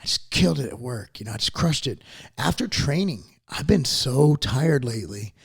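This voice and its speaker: A man's voice: medium pitch, moderate pace, vocal fry, slightly rough. A man in his forties hosting a podcast, ranting casually with constant swearing. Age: 40s. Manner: profane, animated ranting. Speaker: podcast host.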